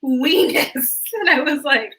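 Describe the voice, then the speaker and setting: A woman co-hosting a casual live reaction chat, teasing and quick to laugh. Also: medium pitch, expressive, bright, forceful tone. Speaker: co-host.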